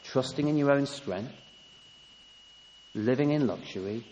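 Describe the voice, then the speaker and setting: A man's voice: mid-range voice, unhurried, darkish tone, muffled recording, a little hiss or hum. A man preaching a sermon, emphatic, often rising to a raised voice on key points. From England. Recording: long hall reverb, faint ambience.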